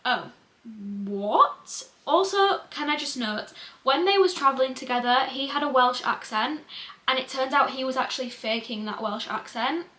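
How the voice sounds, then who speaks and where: A woman's voice: sits high, moderate pace, fairly bright tone. A young woman, chatting casually and enthusiastically about books in a reading vlog. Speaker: book vlogger. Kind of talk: casual chat. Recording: echoey room.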